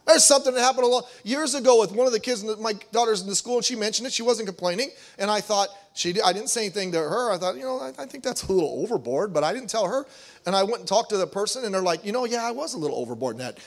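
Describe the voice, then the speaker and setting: A man's voice: sits high, very fast. A middle-aged man preaching a sermon, reading scripture aloud and acting out quoted voices with animation. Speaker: pastor.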